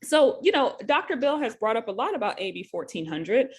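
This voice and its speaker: A woman's voice: on the high side, big pitch swings, brisk, breathy edge. A middle-aged woman nurse, explaining a health bill in a casual online office hours chat, chatty with lots of fillers. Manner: chatty, casual, with frequent fillers and little laughs. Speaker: nurse and co-host.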